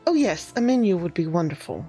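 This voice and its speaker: Lively, playful woman role-playing. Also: lowish voice, brisk, breathy edge, faint music behind. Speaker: player. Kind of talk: tabletop role-play, in-character flirting.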